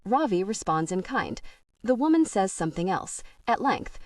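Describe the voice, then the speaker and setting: A woman's voice: mid-range voice, no echo. Woman narrating an audiobook, dry sound. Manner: measured, expressive reading. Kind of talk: scripted narration. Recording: dry, slightly distant mic.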